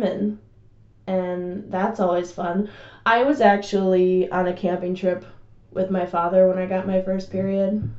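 Giggly young woman, mellow voice, roomy sound. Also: medium pitch, muffled recording. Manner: joking, giggly, chatty with many fillers. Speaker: podcast co-host. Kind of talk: casual podcast chat.

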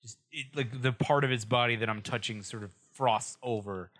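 Male player, mid pitch, bright tone, loose descriptive chat. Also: moderate pace. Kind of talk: casual tabletop game chat.

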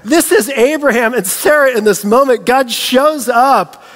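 A man preaching a sermon as a pastor, animated and storytelling, acting out the voices he quotes. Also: very high-pitched, unhurried, big-room sound.

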